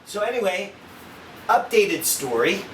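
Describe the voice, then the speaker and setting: A slightly high-voiced man tells a rambling story, swearing often and jumping into the voices of the people in it. He sounds far from the mic, and the room around him rings with echo. A faint hiss sits under everything. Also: measured pace. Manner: animated, profane, acts out quoted dialogue. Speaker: father and husband. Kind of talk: casual storytelling. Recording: roomy echo, distant mic, faint noise.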